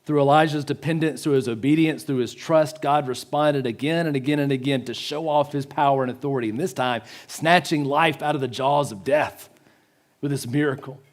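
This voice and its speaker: A man giving a sermon in a church, swinging from loud pleading to hushed, slow emphasis. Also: mid-range voice. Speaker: pastor.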